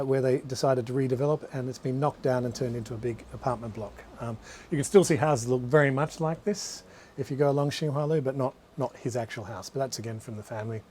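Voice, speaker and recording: This is a man with a medium-pitched, somewhat dark-toned voice. An author, he's giving a live bookshop talk on his books to a small audience, drifting from anecdote to anecdote with many restarts and asides.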